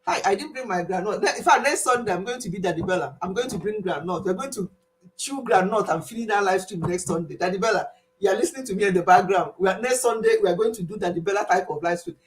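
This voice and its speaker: Closing out a casual live stream, a woman host speaks fast at a medium pitch. She's playful, often laughing as she imitates her viewers.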